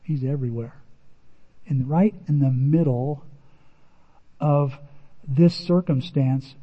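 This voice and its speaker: A man preaching a sermon in a conversational, animated way, his voice rising for emphasis. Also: medium pitch, slow, slightly rough. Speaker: pastor. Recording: muffled sound in a reverberant hall.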